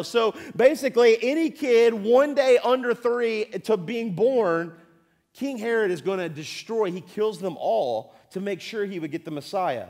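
A male pastor with a high-pitched voice delivers a sermon to his congregation in a church. His delivery is conversational, full of check-ins with the room. He acts out voices from the story as he goes. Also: expressive, moderate pace, a little mellow. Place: church sanctuary.

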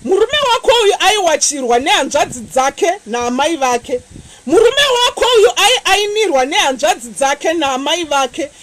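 Woman, evangelist, sermon, repeats phrases for emphasis, very high voice. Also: normal speed, slight background noise, rough recording. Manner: animated preaching, repeating phrases.

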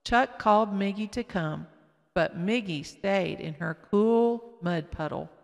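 A woman reading a children's story aloud slowly and carefully, with small slips. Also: medium pitch, gravelly. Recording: long echoing reverb.

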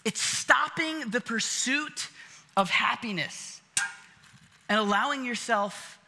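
A pastor, a man, delivers a conversational sermon, full of fillers and little acted-out scenes. His voice sits high and sounds strikingly bright. A long reverb trails behind him in the church auditorium. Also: slow pace. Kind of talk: casual sermon.

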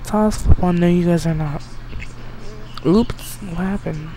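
A man giving excitable, chatty let's play commentary, bossing his game characters around. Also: high voice, slow pace. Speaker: game streamer. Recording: noisy home recording.

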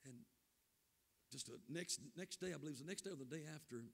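A man's voice: fairly high pitch, fast talker, gravelly, big-room sound. An older man preaching a revival sermon, telling a story with fervent emotion, his voice catching and stretching out phrases. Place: church sanctuary.

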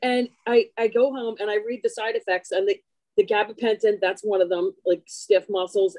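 A woman talking on a video call, chatty and self-deprecating as she tells her story with lots of animation. Her voice sits at an ordinary pitch. The sound is dry, with no room echo. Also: moderate pace, warm tone. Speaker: workshop participant. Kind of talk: casual show-and-tell.

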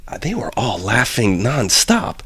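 A man, a film producer, talking enthusiastically in an interview. He is excitable, laughs often and restarts his sentences quickly. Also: medium pitch, slight background noise.

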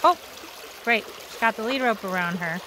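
A woman's voice: medium pitch, moderate pace, noisy background. A woman vlogging outdoors on a trail ride by a creek, talking playfully and cooing to her animals. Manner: cooing, playful talk to animals, frequent laughs. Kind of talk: casual vlog narration.

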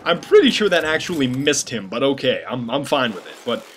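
A man giving casual gameplay commentary, joking and rambling with animated asides to his viewers. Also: medium pitch, brisk, slight background noise.

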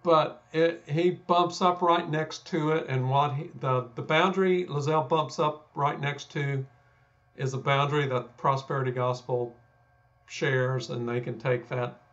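A man's voice: fairly high pitch, steady tone, a little slow, a bit bright, muffled recording. A man from Texas with a Texan accent, talking through ideas in a thoughtful, self-deprecating way with many fillers and restarts. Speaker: guest scholar. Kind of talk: conversational explanation.

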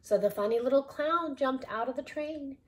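A woman's voice: high-pitched, moderate pace. A woman reading a children's storybook aloud, adding laughing asides to her listeners. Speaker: storybook reader.

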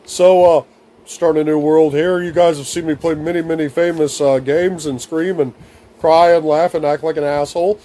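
A man's voice: a little high, steady tone, moderate pace, dark tone. A young man hosting a silly comedic game playthrough, babbling in baby talk and rhyming nonsense words as he plays. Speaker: gaming video host. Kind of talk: silly comedic let's-play commentary.

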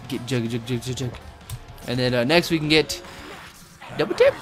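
A young man giving live gameplay commentary, excitable and rambling, swearing and yelping often. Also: mid-range voice, normal speed, pauses often, music in the background.

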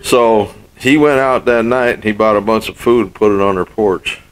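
Older pastor with a folksy preaching style. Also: male voice, fairly low pitch, moderate pace, clear, resonant tone, low-quality recording. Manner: folksy storytelling, repeats phrases for emphasis. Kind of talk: sermon.

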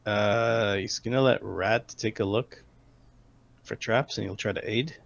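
A man playing in a tabletop game, chatting casually with halting, self-correcting speech, recorded on a dull lo-fi mic. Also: lowish voice, fairly even intonation, vocal fry. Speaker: player.

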